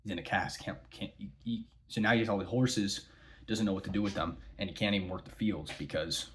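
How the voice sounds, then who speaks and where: Deep-voiced man rambling casually. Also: fairly even intonation, fairly quick, a bit bright, a little hiss or hum. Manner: rambling, with many restarts. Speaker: vlogger. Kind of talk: casual monologue.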